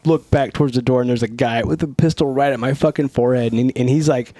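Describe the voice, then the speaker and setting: A man from Northern California, a podcast guest telling a story in a casual, profane, animated way. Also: medium pitch, fast talker, no echo. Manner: profane, animated, acts out dialogue.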